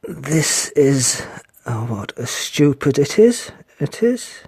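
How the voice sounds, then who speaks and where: Casting: male live streamer, fairly high voice, blunt and confrontational, phone mic. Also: sing-song, slow pace, a little mellow. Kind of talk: casual live stream rant.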